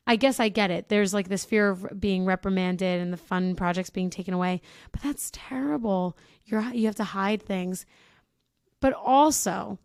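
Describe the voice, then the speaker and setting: A woman's voice: medium pitch, clear, resonant tone, no echo, clean studio sound. A woman hosting a podcast, talking frankly and sarcastically in a casual monologue. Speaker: podcast host.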